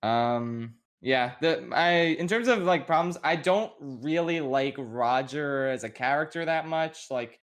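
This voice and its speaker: A young man co-hosting a podcast, chatting casually about movies in an animated, incredulous way with frequent laughs. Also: mid-range voice, measured pace, few pauses. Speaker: podcast co-host. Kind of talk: casual movie review chat.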